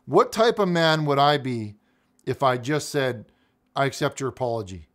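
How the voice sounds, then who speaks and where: A man's voice: medium pitch, lively intonation, normal speed, a bit bright. A man hosting a comedic call-in show, blustery and mocking, often parroting his caller. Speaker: host.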